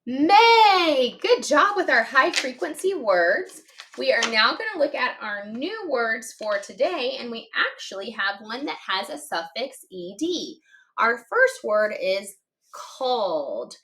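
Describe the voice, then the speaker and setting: A woman teaching a phonics reading lesson to children, patient and encouraging, spelling words out slowly letter by letter and giving cheerful praise. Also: on the high side, pushed and bright.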